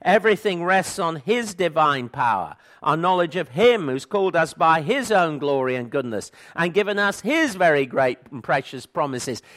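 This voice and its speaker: Earnest preacher with a higher male voice. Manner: earnest, emphatic, stumbles and repeats words. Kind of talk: sermon.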